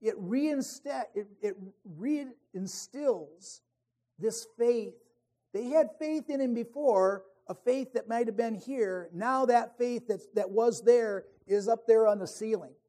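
A man's voice: very high voice, slow pace, dark tone. A man preaching a sermon in a conversational way, often restarting phrases and reading scripture aloud. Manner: conversational, with many restarts and asides.

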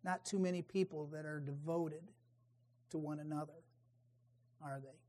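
A man preaching a sermon, emphatic, swinging between forceful peaks and quiet, wry asides. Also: on the high side, fairly even intonation, moderate pace.

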